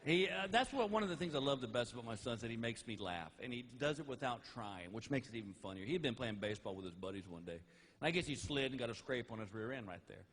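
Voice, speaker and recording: A man's voice: mid-range voice, expressive, quick pace, a bit bright, husky. A middle-aged man doing stand-up storytelling, chatty and amused, often laughing at his own stories. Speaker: stand-up comedian.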